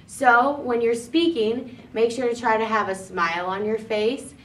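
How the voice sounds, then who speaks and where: A young woman giving a classroom presentation, demonstrating by swinging between upbeat and deliberately somber delivery. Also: on the high side, steady tone, fairly bright tone. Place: classroom with a blackboard. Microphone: far camera. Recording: echoey classroom from far off.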